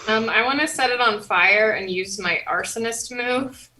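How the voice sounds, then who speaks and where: A woman's voice: a little high, moderate pace, pushed and bright, low-quality recording. A woman playing a tabletop game, giggly and a little hesitant, playful. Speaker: player. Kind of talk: casual tabletop play.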